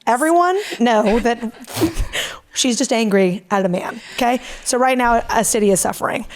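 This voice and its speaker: Animated storytelling woman, slightly high voice. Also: normal speed, a little hiss or hum. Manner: animated storytelling, acting out quotes. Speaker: podcast co-host. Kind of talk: casual chat.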